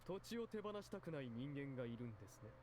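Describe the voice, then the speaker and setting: A man's voice: mid-range voice, very animated, rapid-fire, noisy background, lightly acted. An actor voicing a cold, calculating young man in a visual novel, speaking with cool, composed politeness and a menacing undertone. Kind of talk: Japanese visual novel voice acting.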